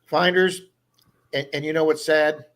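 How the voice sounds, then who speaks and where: A man's voice: a little high, flat delivery, measured pace, a bit bright. A man hosting a casual live stream, telling long stories and acting out the people he met. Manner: rambling storyteller, acts out quoted people. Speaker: live stream host, metal detectorist.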